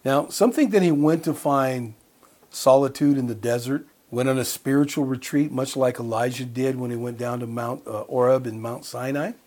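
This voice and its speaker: A middle-aged man preaching a sermon, his voice a little husky and breathy, sitting in a middle pitch. He moves between reading verses and telling personal stories, acting out bits of dialogue as he goes. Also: normal speed, darkish tone. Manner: conversational, storytelling with quoted dialogue and laughs. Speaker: pastor.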